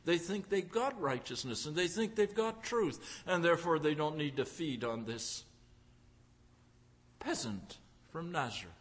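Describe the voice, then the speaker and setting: A man's voice: fairly high pitch, expressive, measured pace. A man preaching a sermon, driving his points home through repeated phrases and acting out the voices of the crowd. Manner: acts out crowd voices in quotes.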